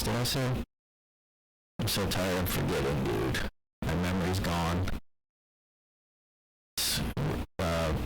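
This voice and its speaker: A man voicing an angry, loud male satellite-radio shock jock who rants with profane catchphrases. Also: low voice, full character voice, rough recording. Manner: shouting, ranting, profane catchphrases. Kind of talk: mock radio show bit.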